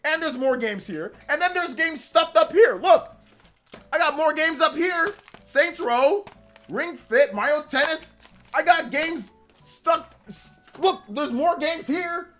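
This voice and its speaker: A man's voice: extremely high pitch, expressive, slow pace, fairly bright tone. Hyped streamer guy rambling and repeating himself, laughs at himself, faint music in the back. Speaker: gaming streamer. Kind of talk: casual live-stream chat.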